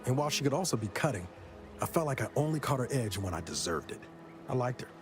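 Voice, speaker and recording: A man's voice: medium pitch, sing-song, fast, close to an everyday voice. A man playing a weary male space agent, speaking in a dry, wry, reflective way in game dialogue. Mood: wistful. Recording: game audio with music behind.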